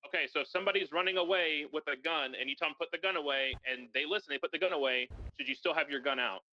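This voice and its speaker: A man running police academy training in a game role-play, giving quick, casual instructions with some swearing. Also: on the high side, muffled recording, slight background noise.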